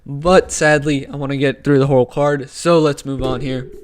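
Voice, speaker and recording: A man hosting a casual live sports talk stream, excitable and opinionated, using slang, on a wired desk microphone. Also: mid-range voice, normal speed. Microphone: desk microphone with wire.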